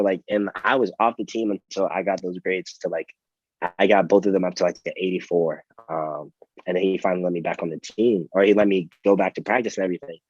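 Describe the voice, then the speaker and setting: A young man with a very low voice tells a story in a casual interview, rambling and restarting his sentences with plenty of fillers. The sound is dry and a little dull, with no room echo. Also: fast, darkish tone, slightly rough. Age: young adult. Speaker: college athlete guest.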